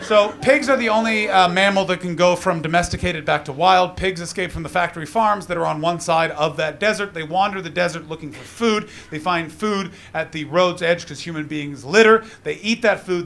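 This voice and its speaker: A man performing a stand-up comedy set, telling a story in an animated way, full of swearing and asides to the crowd. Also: fairly high pitch, brisk, vocal fry, hardly any pauses. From Canada. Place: comedy venue stage with live audience. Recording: noisy live room with audience laughter.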